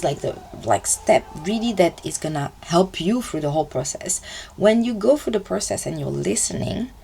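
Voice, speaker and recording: Husky, gravelly woman chatting casually. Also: sits low, darkish tone. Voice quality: chatty, loose grammar, fillers like "like" and "poof". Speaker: language learning vlogger. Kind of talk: casual advice to camera.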